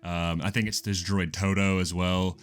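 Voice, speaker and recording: A man co-hosting a casual podcast, talking in a low voice. He rambles quickly, corrects himself mid-sentence and laughs often. A faint lo-fi music bed plays underneath. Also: flat delivery, clear, resonant tone. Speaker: podcast co-host. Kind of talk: casual podcast review chat.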